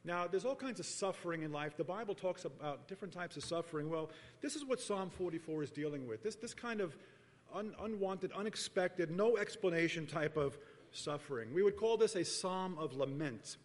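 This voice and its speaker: A middle-aged man preaching a sermon as pastor, telling a personal story in an earnest, measured way and often repeating phrases. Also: sits high, animated. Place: church sanctuary. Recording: long reverb of a large hall.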